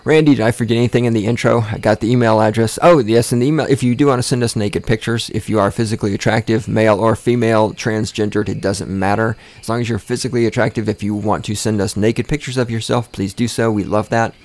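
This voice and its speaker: Speaking quickly with hardly any pauses, a podcast host with a low, darkish voice and fairly even intonation rants casually, swearing and sarcastic, mimicking people in exaggerated voices. Worked up, he repeats words and restarts his sentences.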